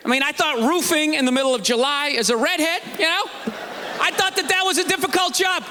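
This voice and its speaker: A man performing a stand-up comedy routine, ranting sarcastically and shouting his punchlines. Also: very high voice, brisk. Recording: live stage recording with audience and noise.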